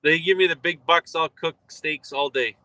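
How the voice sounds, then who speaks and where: A man's voice: on the high side, steady tone, normal speed, bright, forceful tone, no echo. A man calling in live as a contributor, giving laid-back, joking replies. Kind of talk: casual live chat.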